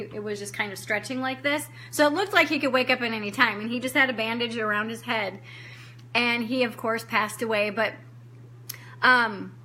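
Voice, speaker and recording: A woman's voice: mid-range voice, pushed and bright, a little hiss or hum. A woman coach telling a personal story in a training, candid and emotional, acting out her own past words and swearing casually. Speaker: life coach giving a training.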